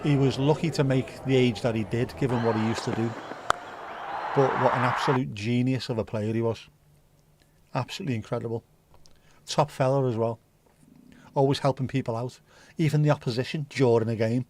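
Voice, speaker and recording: A man hosts a relaxed livestream, rambling chattily and swearing now and then as he answers viewers' comments. His pitch is middling and the recording is dry and close. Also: moderate pace, pauses often, dry recording. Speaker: livestream host. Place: home livestream setup.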